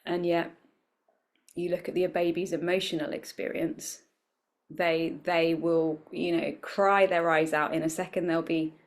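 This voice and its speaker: A woman, a wellbeing coach, speaking as a guest in a conversational interview, reflective and animated, acting out little quoted voices. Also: fairly low pitch, unhurried.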